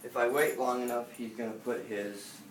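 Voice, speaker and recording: A man's voice: medium pitch, normal speed. Guy explaining dog training, rambly with lots of ums, kinda far from the camera, noisy echoey room. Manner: relaxed, rambling, with many fillers. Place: indoor dog facility. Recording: roomy, distant camera sound, noisy.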